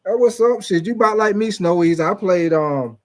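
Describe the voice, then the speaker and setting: A man's voice: high voice, brisk, a little mellow. A man hosting a sports livestream, telling loose, profane stories and calling out viewers by name. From Atlanta, USA. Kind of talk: casual live-stream chat.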